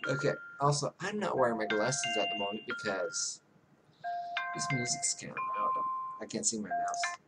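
A man casually commentating a game he is playing, soft-spoken and rambling, making fun of himself. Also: fairly low pitch, expressive, moderate pace, loud music behind the voice. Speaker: gaming YouTuber. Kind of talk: casual let's-play commentary.

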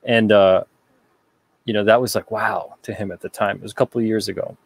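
A man with a low, gravelly voice hosts a casual livestream and reads viewer comments aloud. He answers them in a rambling, joking way, full of self-deprecating asides. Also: steady tone, a little fast. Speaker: publisher host reading viewer comments.

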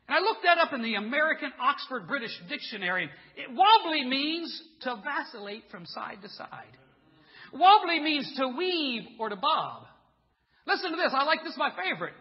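A man preaching a sermon as pastor in a church, telling stories in an animated way and acting out voices. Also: very high-pitched, normal speed, in a large hall, dull audio. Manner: animated storytelling, acts out voices.

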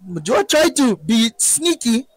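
A man giving excited live football commentary, breaking into shouts at chances and goals. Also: very high voice, unhurried, slightly rough, no room sound, low-quality recording.

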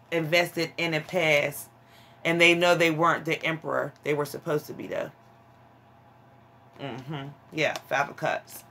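A woman's voice: deep voice, fairly bright tone. A woman giving a casual tarot reading to her viewers, frank and emphatic, calling them honey and child. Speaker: tarot reader.

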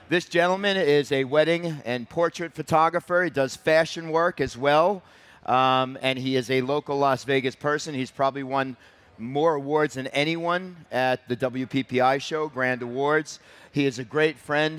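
A man's voice: mid-range voice, a bit bright, clean tone. A man moderating a stage panel, giving friendly, somewhat rambling introductions and questions. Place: event stage before a crowd.

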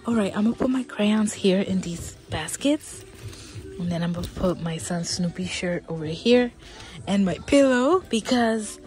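A middle-aged woman filming a casual shopping vlog inside a large department store, chatting, often dropping to a whisper and gasping with excitement. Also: mid-range voice, measured pace, faint music behind. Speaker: vlogger.

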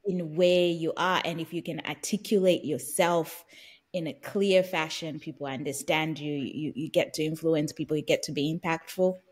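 A woman co-hosting a podcast, talking in a lively, conversational way with playful asides. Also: low voice, moderate pace, husky. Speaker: podcast co-host. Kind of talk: casual conversation.

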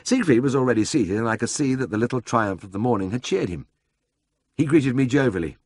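A man narrating a first-person memoir audiobook in a measured, dry storytelling manner. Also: medium pitch, lively intonation, darkish tone, no room sound.

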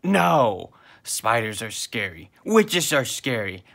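A man reading as a booming ghost pirate. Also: big pitch swings, creaky, full character voice. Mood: menacing. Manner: loud, slow booming delivery.

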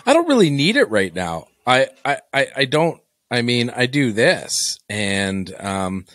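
A man's voice: mid-range voice, big pitch swings, measured pace, a bit bright. A man co-hosting a podcast, chatting casually in a laid-back, jokey way. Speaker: podcast co-host.

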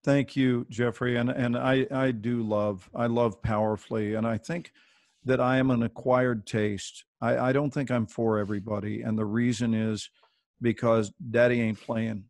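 A man's voice: mid-range voice, steady tone, moderate pace, a little mellow, dry recording. A middle-aged man, an actor, telling a playful, theatrical story as a guest on a video call.

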